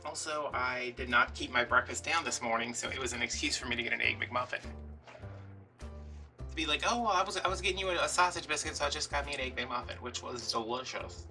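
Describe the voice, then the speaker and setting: A man casually telling a story while crafting at home, animated and chatty, acting out the other people in it. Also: mid-range voice, brisk, far from the mic, faint music behind. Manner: chatty, animated retelling with quoted dialogue. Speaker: vlogger.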